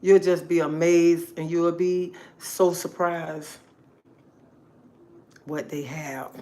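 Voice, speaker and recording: A woman's voice: fairly low pitch, fairly even intonation, slow pace, mellow. A woman talking casually to her viewers on a live stream, chatty and emphatic, repeating herself often. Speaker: livestream host.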